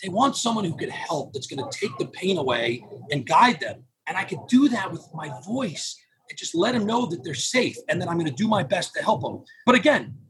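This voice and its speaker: A man speaking as a podcast guest in casual interview talk, animated and acting out what his clients say. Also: high voice, brisk, a little hiss or hum. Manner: animated, acts out clients' quotes. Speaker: podcast guest, phone number business owner.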